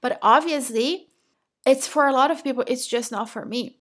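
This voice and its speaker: Speaking at a normal speed in a high, fairly bright voice, a middle-aged podcast host from Brazil addresses her listener directly and encouragingly. Her accent is Brazilian Portuguese, and the talk is a casual solo podcast.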